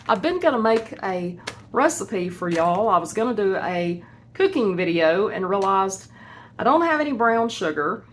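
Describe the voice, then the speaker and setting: Woman, homestead vlogger, casual rambling haul chat, mid-pitched voice, faint hiss behind. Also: fairly bright tone. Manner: chatty, rambling, self-correcting about prices. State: hiccups.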